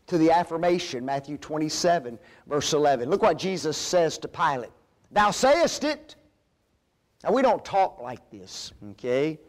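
A man preaching a Bible lesson, speaking emphatically, calling the listeners folks and asking rhetorical questions. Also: high-pitched. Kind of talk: sermon-style Bible lesson.

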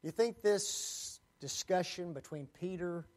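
A man with a high-sitting, darkish voice preaches a slow, dramatic sermon. He acts out pleading quotes and addresses the congregation as "folks."

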